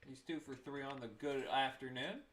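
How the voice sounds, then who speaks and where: A man's voice: medium pitch, fairly even intonation, moderate pace, a bit bright, a little hiss or hum. A young man giving casual live baseball play-by-play, tired and yawning, with self-mocking asides between the calls. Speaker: play-by-play streamer.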